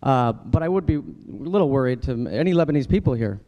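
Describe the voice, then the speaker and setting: A man's voice: animated, fast talker, warm tone, muffled recording. A man doing a stand-up comedy set at a dinner event, talking in a conversational way and breaking into exaggerated voices for the people he quotes. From United States. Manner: conversational, jumps into high-pitched character voices for quoted people. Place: dinner event hall, live audience.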